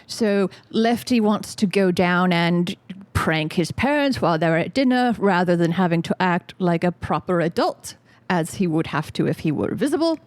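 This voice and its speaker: A woman's voice: lowish voice, lively intonation, normal speed, dry recording, lightly acted. A woman voicing a giant chittering lobster guest who lectures earnestly about a book. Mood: lecturing. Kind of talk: podcast book discussion.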